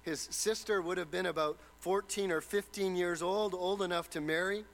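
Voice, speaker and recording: A man's voice: high voice, steady tone, normal speed, poor audio. A man preaching a sermon, retelling a story dramatically and posing rhetorical questions.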